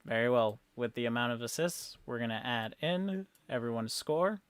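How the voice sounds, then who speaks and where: Calm male dungeon master. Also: medium pitch, normal speed, smooth, dry recording, clean studio sound. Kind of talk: narrating a tabletop game.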